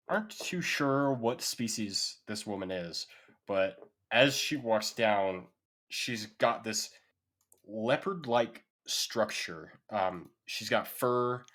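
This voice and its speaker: A man's voice: lowish voice, a bit bright. A man narrating a tabletop game as game master, casual and full of fillers. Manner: casual, loose descriptions with many fillers.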